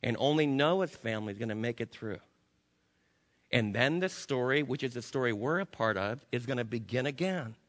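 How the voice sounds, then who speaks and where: A pastor delivering an impassioned sermon, swinging between loud urging and hushed, slow emphasis. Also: male voice, mid-range voice, expressive. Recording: long reverb of a large hall.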